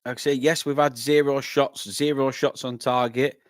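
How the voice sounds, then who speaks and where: A young northern English man hosting a live football watchalong, chatting with viewers and breaking into excited play-by-play. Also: mid-range voice, normal speed, dry recording, studio quality. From northern England. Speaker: fan channel host.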